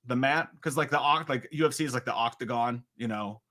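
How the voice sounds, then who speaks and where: A man in his thirties chats alone on a home livestream and reads viewer comments aloud. He rambles and pokes fun at himself, jumping between loud outbursts and quiet asides. His voice sits in an ordinary middle pitch and comes across bright and forceful. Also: a little fast. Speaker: livestream host. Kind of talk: solo livestream chat reading viewer comments.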